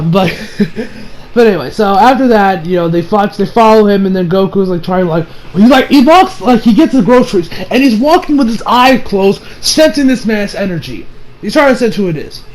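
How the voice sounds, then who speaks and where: A man with a high voice talks through an episode review in a loose, rambling way. His speech is full of fillers and slang. There is a faint hiss behind him. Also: darkish tone. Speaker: anime reviewer. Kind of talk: casual episode review vlog.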